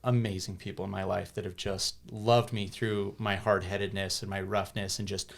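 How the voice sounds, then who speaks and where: A man's voice: low-pitched, little pitch movement, normal speed, creaky. An American man in his thirties, a podcast guest telling a personal story in earnest, casual talk with many restarts and repeated words. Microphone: podcast studio microphone.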